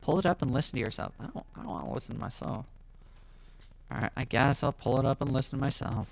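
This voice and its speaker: Profane streamer on glitchy pitch-shifted audio. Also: male voice, expressive, fast talker, gravelly, low-quality recording. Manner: loud, profane, exasperated asides to chat. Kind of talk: casual live-stream reaction.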